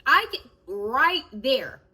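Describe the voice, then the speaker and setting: A young woman telling a storytime vlog in an animated way, speaking straight to her viewers. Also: high-pitched, slow pace, husky. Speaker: vlogger.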